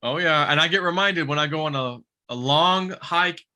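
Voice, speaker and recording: A man's voice: a little high, normal speed, sharp tone. A middle-aged man in casual chat, hosting and telling stories, often acting out what he said before. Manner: chatty storyteller, acts out his own past words. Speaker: host.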